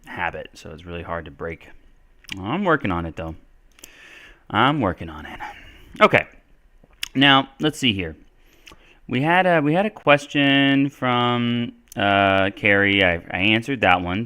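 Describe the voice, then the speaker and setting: A man's voice: fairly low pitch, bright, forceful tone. A man from the United States teaching English in a casual live-stream Q&A, rambling and correcting himself as he talks. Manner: rambling, self-correcting, chatty.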